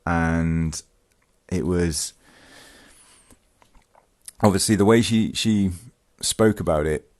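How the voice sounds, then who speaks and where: A man's voice: sits low, slow, long pauses, a little mellow. A man hosting his own vlog, talking through a true-crime case in a casual, hesitant way with many ums and restarts, sometimes reading from a news article. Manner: reads news excerpts aloud. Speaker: vlogger, channel host.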